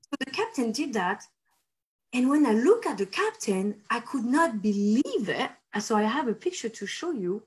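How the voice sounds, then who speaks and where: A woman hosting a casual chat, telling a story in a lively way and acting out what people said. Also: fairly high pitch, normal speed, low-quality recording. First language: French. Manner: animated, acts out quotes with laughs. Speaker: host.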